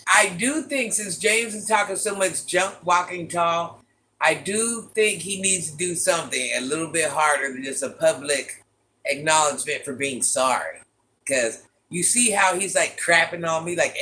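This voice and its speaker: A woman with a deep voice hosting a livestream, chatting casually and playfully teasing as she reads viewer comments. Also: moderate pace, pushed and bright. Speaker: livestream host.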